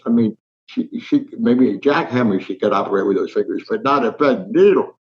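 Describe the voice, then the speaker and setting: A man's voice: on the low side, brisk, highs cut off. A man, telling family stories as an interview guest and acting out the voices. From Newark, New Jersey. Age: 90s. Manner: animated anecdotal storyteller, acts out voices. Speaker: guest, sports columnist. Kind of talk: storytelling in an interview.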